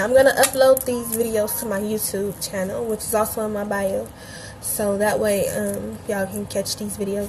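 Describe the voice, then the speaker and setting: A young woman from Cleveland who grew up in Atlanta, a bit hoarse, hosting a casual craft tutorial livestream and chatting loosely with her viewers. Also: a little high, mellow, low-quality recording. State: a bit hoarse, feels she is losing her voice.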